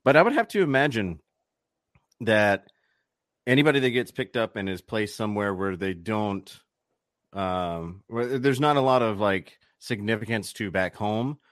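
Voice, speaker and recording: A man's voice: on the low side, a little slow, a bit bright, no echo, studio quality. A man from Georgia, hosting casual banter, joking and crude and laughing often.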